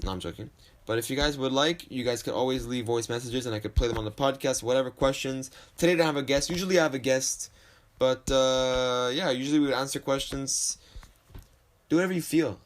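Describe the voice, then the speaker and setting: A young man with a slight lisp hosting a solo podcast from his desk, rambling and swearing, often poking fun at himself. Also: on the low side. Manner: rambling, profane, self-deprecating. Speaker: podcast host. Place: home desk.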